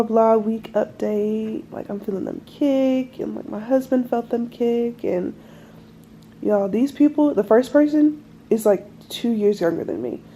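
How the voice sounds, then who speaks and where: A young woman in her twenties rambles through a casual vlog story, full of fillers and animated asides. Her voice is mellow and warm, sitting at an ordinary pitch. A faint hiss stays under her voice the whole time. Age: 20s. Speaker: vlogger. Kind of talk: casual chat.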